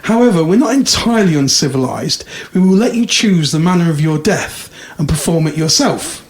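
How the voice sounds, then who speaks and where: A man's voice: fairly high pitch, lively intonation, a little fast. A man voicing a formal male cannibal chief in a joke, speaking in a mock-formal tone close to his own voice. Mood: mock-solemn. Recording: roomy echo, faint noise.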